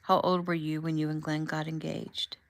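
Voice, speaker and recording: A woman reading as a gentle, soothing husband. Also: sits low, little pitch movement, normal speed, no room sound. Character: tender reassuring husband, adult man.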